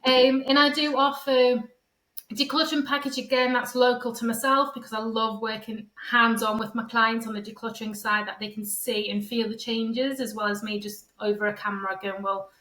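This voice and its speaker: A woman's voice: a little high, flat delivery, moderate pace, a bit bright, echoey room, low-quality recording. A middle-aged woman, chatting in a casual interview as a home coach, rambling and often tagging on "sort of thing". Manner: chatty, rambling, fond of "sort of thing", acts out quoted voices. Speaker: podcast guest, feng shui and decluttering coach.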